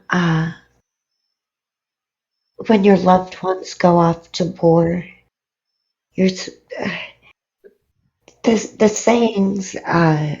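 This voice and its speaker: A woman's voice: on the low side, a little mellow. A woman playing in a tabletop game who speaks hesitantly, searching for her words, heard over lo-fi call audio. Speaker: player. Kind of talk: casual tabletop play.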